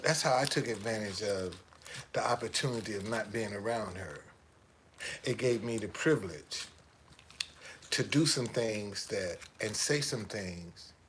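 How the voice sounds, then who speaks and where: A middle-aged man vlogging in a casual storytelling monologue, animated and streetwise, often restarting his sentences. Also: medium pitch, a little hiss or hum.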